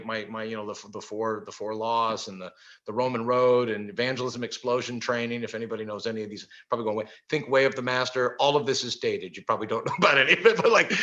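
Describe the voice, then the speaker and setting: A middle-aged man telling a story at a workshop, animated, with many fillers and frequent laughs. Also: medium pitch, muffled recording. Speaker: workshop speaker. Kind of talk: storytelling talk. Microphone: video call.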